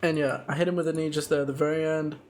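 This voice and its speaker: A young man talks through his own fight footage in a loose, excited way, tossing in slang and punchy sound effects. His voice sits a little high for a man, and he often trips and restarts mid-sentence. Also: very fast. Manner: excited, slangy, full of 'boom' and 'bro', many restarts. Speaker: amateur Muay Thai fighter narrating his fight footage. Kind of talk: casual fight breakdown commentary.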